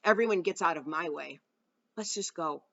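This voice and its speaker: A woman reading the lines of a blind teenage girl who talks in a chatty, matter-of-fact, gently bossy way, in a dull lo-fi recording. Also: fairly low pitch, normal speed, gravelly. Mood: caring.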